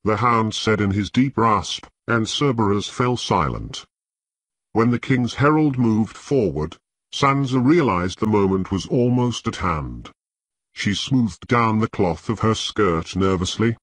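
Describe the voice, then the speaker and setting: Slow husky male audiobook narrator. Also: fairly low pitch, lively intonation, no echo. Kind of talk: scripted narration of a fantasy novel.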